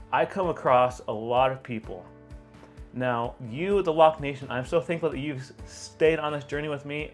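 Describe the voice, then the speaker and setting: A man, a photographer and video host, giving chatty, animated reaction commentary and laughing along. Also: fairly high pitch.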